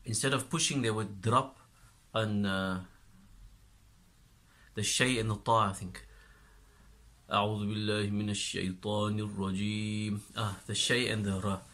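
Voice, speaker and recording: A man teaching a lesson, explaining in short halting phrases with frequent pauses and fillers. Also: on the low side, sharp tone.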